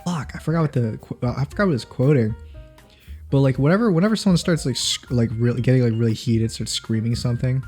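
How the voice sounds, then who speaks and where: A man's voice: mid-range voice, fast, darkish tone, breathy edge, soft background music. A man co-hosting a casual podcast, rambling through stories with restarts and laughing at his own jokes. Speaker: podcast co-host. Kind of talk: casual chat.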